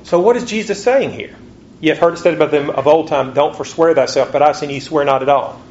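A man preaching a sermon, reading scripture slowly and lifting his voice on rhetorical questions. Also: a little high, a little mellow, a little hiss or hum. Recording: dull lo-fi recording with faint ambience.

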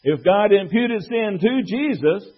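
A man's voice: sits high, expressive, unhurried. A man teaching from the Bible, making an argument and quoting scripture with rhetorical questions. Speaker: preacher. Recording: dull lo-fi recording.

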